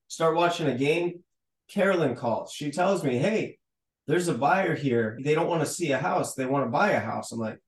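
A man being interviewed as a guest, telling a story in a lively way, acting out the dialogue and stumbling over repeated words. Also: fairly high pitch. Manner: animated storyteller who acts out dialogue, with stammered restarts. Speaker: podcast guest. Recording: roomy, echoey room sound.

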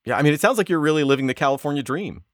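A man's voice: fairly high pitch, expressive, rapid-fire, dry recording, clean studio sound. A man hosting an interview podcast, easygoing and encouraging, asking questions and laughing along. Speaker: podcast host.

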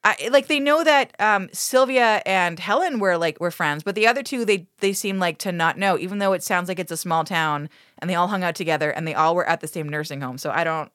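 A woman recapping a TV episode on a podcast, swearing a lot and acting out the characters' lines with big, animated energy. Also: on the low side, a little fast, no room sound, clean studio sound. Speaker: podcast co-host. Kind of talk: casual podcast recap chat.

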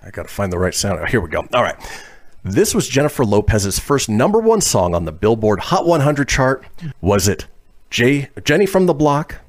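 A man hosts a casual trivia chat, reading out each question with its answer options. His pitch rises and falls a lot, giving the reading a bouncy, animated feel. He laughs easily between questions. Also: normal speed. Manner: reads multiple-choice questions, laughs often. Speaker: quiz host.

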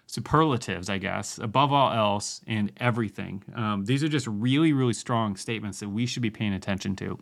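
A man co-hosting a casual podcast, slowing down to stress scripture quotes and rambling easily in between. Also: on the low side, creaky. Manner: slow, emphatic when quoting scripture; relaxed, rambling. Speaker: podcast co-host.

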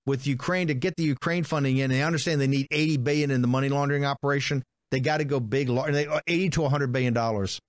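A man's voice: a little high, no room sound. A man hosting a political talk show, delivering a combative, sarcastic monologue that hammers phrases over and over.

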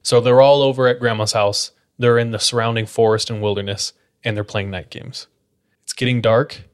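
A man's voice: mid-range voice, moderate pace, clean tone. A man hosting a podcast, casually retelling a spooky account and leaning on "like" as a filler. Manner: relaxed retelling full of likes. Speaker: podcast host. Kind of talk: casual storytelling.

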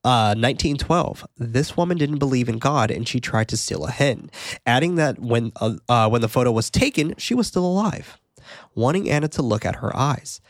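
A man's voice: medium pitch, lively intonation, normal speed, no room sound, clean studio sound. A man co-hosting a podcast, casually recapping a film's plot, laughing often and swearing. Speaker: podcast co-host. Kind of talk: casual film recap chat.

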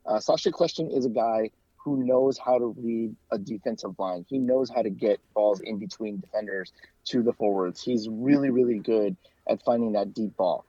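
Male podcast guest from the US, chatty and self-correcting, warm low tone, muffled lo-fi audio. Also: slightly rough, no room sound. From United States. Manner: chatty, talks in quick bursts with frequent restarts and fillers. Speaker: guest, soccer club fan and podcast co-host. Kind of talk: casual interview.

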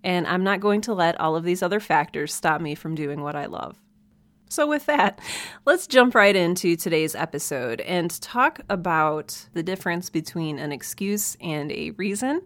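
This podcast host speaks with a Midwestern American accent, her voice lowish with lively intonation, at normal speed and with hardly any pauses. She records solo on a desk mic in her home office with no room sound, chatting casually, poking fun at herself, and laughing a lot.

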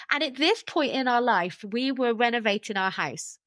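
A woman, a podcast guest and life coach telling her own story candidly over a video call, animated and self-deprecating. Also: a little high, normal speed, no room sound. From England.

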